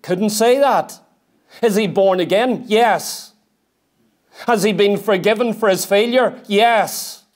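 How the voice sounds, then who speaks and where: A man's voice: sits high, takes it slowly. A man preaching a sermon in church, earnest and emphatic, repeating his key points and reading scripture aloud. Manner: reads scripture aloud in King James wording.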